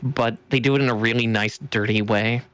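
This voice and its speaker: A man's voice: medium pitch, fairly even intonation, brisk, a bit bright, clean tone, no echo. A man hosting a casual gaming podcast, laughing often and swearing offhandedly as he chats. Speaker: podcast host.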